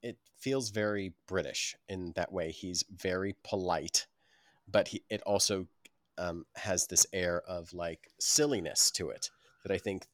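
A man's voice: sits low, steady tone, unhurried, no echo, studio quality. A man co-hosting a podcast, talking casually in a rambling, thoughtful way. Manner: rambling, thoughtful with many fillers. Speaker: podcast co-host. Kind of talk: casual chat.

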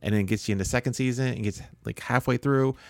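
A man's voice: medium pitch, steady tone, quick pace, vocal fry, no echo, studio quality. Blunt, rambling man in casual chat. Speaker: podcast co-host.

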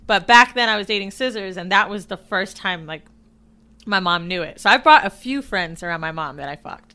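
A woman's voice: mid-range voice, sharp tone. A woman co-hosting a podcast, telling blunt and crude stories in casual chat.

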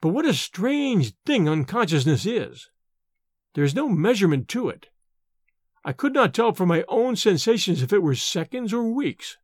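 A man's voice: sits high, sing-song, moderate pace, no echo, studio quality. A man reading an audiobook and voicing a shaken, secretive male scholar who speaks in a faltering, breathless way. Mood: musing. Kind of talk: audiobook character voice.

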